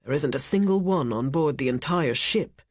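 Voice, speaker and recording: A woman's voice: deep voice, expressive, no echo, clean studio sound. Woman voicing a commanding wealthy ship owner. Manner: measured, authoritative, evasive.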